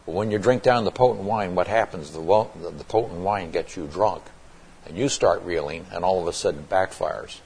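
A man's voice: sits low, a little fast, vocal fry, a little mellow, husky. A man teaching through a Bible passage in an explanatory way, often restarting phrases and adding emphatic asides.

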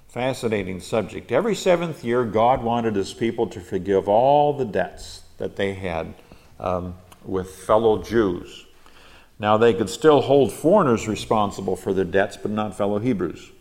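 An older man, a pastor, works through a Bible passage verse by verse. His voice sits fairly low, and he reads the text before explaining it in an unscripted way. He pauses on fillers and restarts his sentences as he teaches. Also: animated, vocal fry, darkish tone.

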